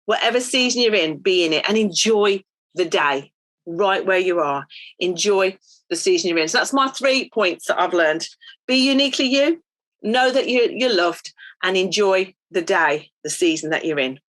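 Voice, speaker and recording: A woman's voice: mid-range voice, normal speed, a bit bright. Middle-aged woman, chatty church speaker, anecdotal, lots of ums. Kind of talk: devotional talk to mothers.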